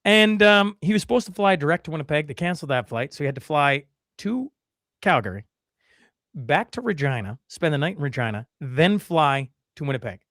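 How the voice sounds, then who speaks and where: A man's voice: on the high side, expressive, a little fast, a bit bright, no echo, clean studio sound. A man hosting a podcast, telling a story in a casual, rambling way full of fillers and restarts. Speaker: podcast host.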